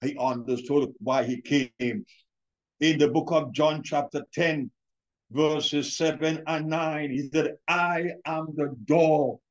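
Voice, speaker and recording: A man preaching a sermon as pastor, emphatic, with drawn-out words and pauses, calling his listeners beloved. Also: on the high side, fairly even intonation, highs cut off.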